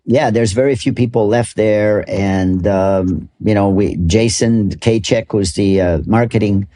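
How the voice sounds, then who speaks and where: Older male guest, slightly low voice, rambling anecdotal storyteller who laughs a lot. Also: measured pace, warm tone. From Canada. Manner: rambling, laughs often, many restarts. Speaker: golf club ambassador. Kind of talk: storytelling interview.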